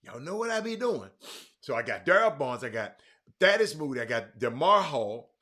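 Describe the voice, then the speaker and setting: Animated, bright-voiced man hosting a live sports chat. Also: medium pitch, moderate pace. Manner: chatty, shouting out viewers by name, many restarts. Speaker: live show host. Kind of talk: casual live-stream sports talk.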